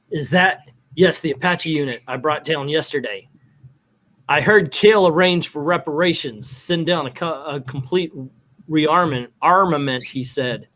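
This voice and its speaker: A man's voice: a little high, a bit bright. A man hosting a casual comic book read-through, acting out the dialogue with playful voices. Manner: reads dialogue aloud with playful voices and laughs. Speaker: comics channel host.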